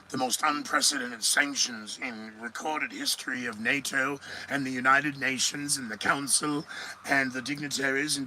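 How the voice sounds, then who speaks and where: Slight background noise and low-quality audio surround a mid-range, sharp-toned man hosting a news commentary podcast by himself. His talk is sarcastic and meandering, and he tends to answer himself.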